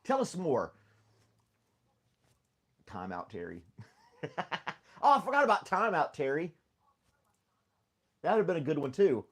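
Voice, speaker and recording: A man's voice: on the high side, big pitch swings, measured pace, pauses often, husky. A middle-aged man hosting a casual live stream chat, talking in a rambling, easygoing way and laughing often as he reads viewer comments.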